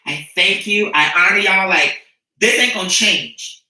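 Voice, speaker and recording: A woman's voice: mid-range voice, a little slow, pushed and bright, distant mic. Preachy woman livestreamer, fervent and foul-mouthed, recorded off-mic in an echoey room. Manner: fervent, profane, preachy ranting. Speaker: streamer addressing her followers. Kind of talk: impassioned livestream monologue.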